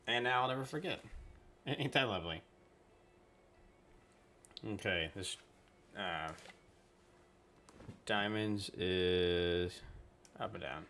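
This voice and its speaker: Low voiced guy playing a game, thinking out loud, super bright sharp tone. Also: takes it slowly, long pauses, a little hiss or hum. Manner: rambling, thinks aloud, reads game text aloud. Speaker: gaming channel host. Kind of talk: casual let's-play commentary.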